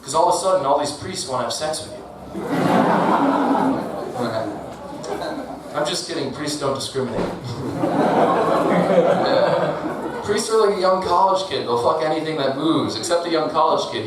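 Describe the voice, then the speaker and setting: A comedian with a slightly high male voice works a comedy club stage in deadpan fashion, breaking only for laughing asides during his stand-up set. Sound is distant and echoey, with noticeable background noise from the club.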